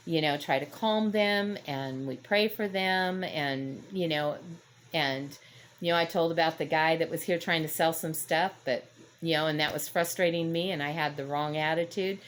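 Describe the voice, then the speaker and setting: A middle-aged woman with a low, deep-set voice shares encouragement in a relaxed devotional chat. She wanders through her thoughts in an earnest, informal way, leaning on "you know" as she goes. A faint hiss sits under her voice. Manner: earnest, rambling, many "you know" fillers. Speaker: Christian encouragement vlogger. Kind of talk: casual devotional chat to camera.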